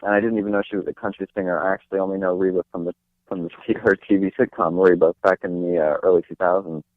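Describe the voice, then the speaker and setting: A man's voice: low voice, level tone, fast, no room sound. A young man from New Jersey, a guest actor chatting casually in an interview, rambling with lots of fillers and restarts. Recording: dry tinny phone line.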